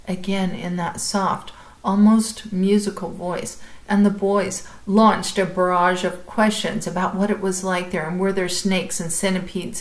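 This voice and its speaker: A woman calmly reading a chapter book aloud, as if to a class. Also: mid-range voice, low-quality recording. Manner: calm, measured storytelling.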